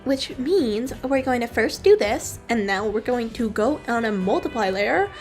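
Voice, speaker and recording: Brief: young woman, slightly high voice, laid-back drawing commentary, soft music playing low behind her. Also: expressive, a little slow. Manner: rambling, offhand, casually swearing. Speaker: digital artist streamer. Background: faint background music.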